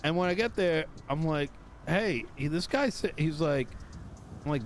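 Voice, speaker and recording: Telling a story as his mechanic and tow-driver character in a role-play game, a man acts out other people's lines and swears offhandedly. His voice runs on the high side, animated and moderately paced, with slight background noise.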